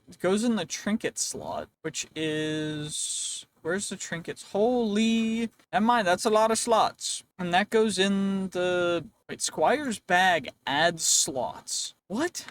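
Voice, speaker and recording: His voice sits high with a fairly bright tone, and there's slight background noise. A young man hosting a let's play chats idly as he games, rambling and cracking jokes to himself, his voice a bit worn.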